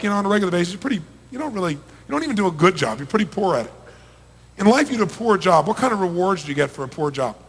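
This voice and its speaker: Emphatic man, fairly high voice, big hall. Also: breathy edge. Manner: emphatic, rhetorical questions to the crowd, big swings in loudness. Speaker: motivational speaker. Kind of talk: live seminar talk to a big audience. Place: large event hall. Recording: reverberant large hall.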